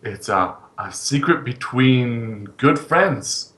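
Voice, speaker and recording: A man trades wry asides as a tabletop player, his voice bright and sharp. He keeps his tone dry and understated, even when teasing. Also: mid-range voice, takes it slowly, a little hiss or hum. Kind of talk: casual tabletop banter.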